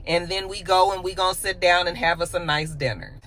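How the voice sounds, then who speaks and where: A woman's voice: on the low side, steady tone, brisk, fairly bright tone. A woman recapping a reality show in a casual, candid way, chatting with playful asides and slang.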